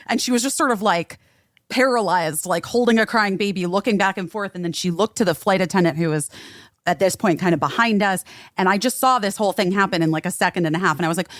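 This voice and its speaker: A woman telling stories in casual chat, animated and swearing easily, acting out what people said. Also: mid-range voice, fast, no echo, studio quality.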